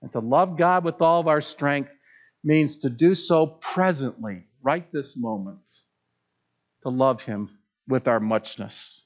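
A man's voice: mid-range voice, slow pace. A male pastor preaching with emphatic swells and drops. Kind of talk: sermon. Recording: dull lo-fi sound.

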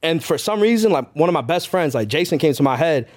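A young man from the tells his story as a podcast guest. He talks fast and animatedly with a slightly high voice, piling on "like" and swearing as he goes. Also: lively intonation, a loud crowd. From Chelsea, Massachusetts. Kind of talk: casual podcast chat.

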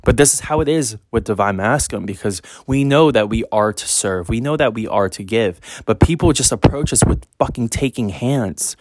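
A man's voice: lowish voice, lively intonation, moderate pace, hardly any pauses, a little mellow, no room sound. A man speaking as a spiritual reader in a casual monologue, blunt and emphatic, cursing freely.

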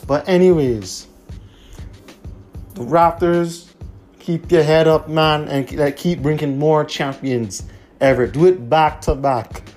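A man's voice: a little high, takes it slowly, a little mellow, soft background music. A man hosting his own podcast, talking in a blunt, profane, repetitive way. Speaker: podcast host. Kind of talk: casual monologue.

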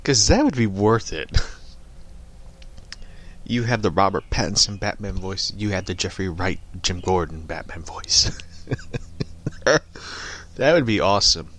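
A man's voice: low voice, animated, measured pace, pauses often, fairly bright tone. A young man giving a rambling, profane opinion rant and chuckling between remarks. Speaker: online commentator.

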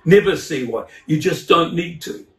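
A man preaching, quoting God's words in a lower, quieter, unhurried voice. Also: expressive. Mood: calm, gentle. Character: calm, gentle voice of God, male. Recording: echoey hall, mic at a distance.

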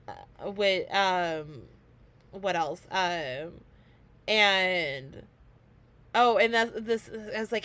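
A woman's voice: fairly low pitch, takes it slowly, a bit bright. A woman co-hosting a podcast, recapping a TV episode in casual chat, hesitant and searching for words with many ums and uhs. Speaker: podcast co-host.

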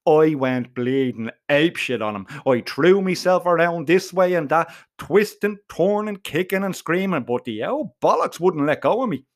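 A man's voice: fairly high pitch, moderate pace, few pauses. A man telling a comic first-person story, full of swearing and slang. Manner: profane, slangy, animated.

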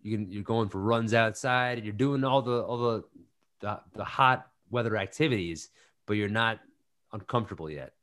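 A man hosting a casual chat, playful and animated, repeating phrases for comic emphasis. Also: on the low side, moderate pace. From New Jersey. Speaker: podcast host.

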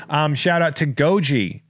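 A man hosting a podcast in casual chat, joking and rambling through listener shout-outs. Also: a little high, takes it slowly. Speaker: podcast host.

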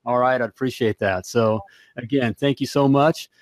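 A man's voice: medium pitch, steady tone, moderate pace, no echo. A man hosting a podcast and wrapping up the show in a rambling, upbeat way, with lots of fillers. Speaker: podcast host. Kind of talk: casual show wrap-up.

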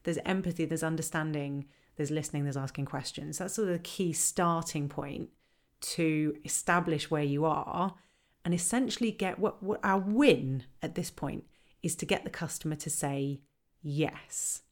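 A woman on a podcast explaining how to handle complaints, lively and acting out the lines customers and staff might say. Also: low voice, normal speed. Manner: animated, acts out quoted dialogue. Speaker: customer service trainer.

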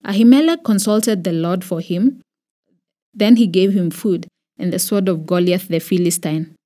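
Kenyan woman reading a sly man telling tales to the king, even and mellow. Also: fairly low pitch, normal speed, natural voice. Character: scheming male royal herdsman informer.

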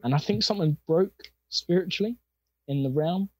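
A young man with a husky voice, telling his personal faith story in an earnest, rambling way with plenty of fillers. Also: fairly high pitch, normal speed, no room sound, dull audio. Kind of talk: casual personal testimony.

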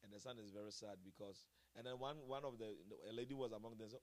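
Speaking quickly with few pauses, the pastor uses a lowish voice and a steady tone. He chuckles often during his church sermon, veering between murmured passages and loud exclamations.

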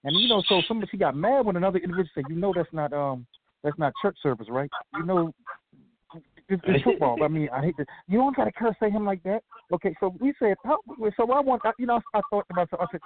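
A man's voice: high-pitched, animated, fast talker. A man talking casually about sports, rambling and repeating himself with many fillers. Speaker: podcast co-host. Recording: tinny phone-like line, faint noise.

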